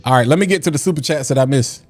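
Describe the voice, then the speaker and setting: A man's voice: mid-range voice, rapid-fire, darkish tone, soft background music. A man hosting a casual livestream, talking in a preachy way and repeating lines for emphasis. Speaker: livestream host.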